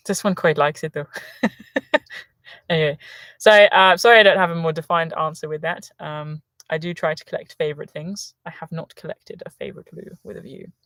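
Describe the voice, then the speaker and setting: A woman's voice: fairly low pitch, no room sound. A British woman talking casually during a live Q&A from a camper van, chatty and rambling, often laughing between thoughts. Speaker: host.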